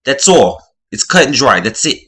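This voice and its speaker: A man voicing an exasperated young man loudly telling his roommates to be quiet. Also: big pitch swings, normal speed. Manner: loud, pitched-up yelling.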